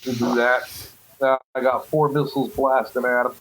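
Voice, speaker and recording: A man's voice: medium pitch, little pitch movement, normal speed, a bit bright, slight background noise, rough recording. A man playing in a tabletop game, joking casually and reading out his dice results. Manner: easygoing and joking, reading out rolls. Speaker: player.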